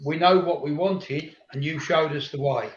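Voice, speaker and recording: An older man giving an earnest, slightly halting farewell speech on a video call. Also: fairly high pitch, slight background noise. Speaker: fan group member. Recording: roomy, dull video-call audio.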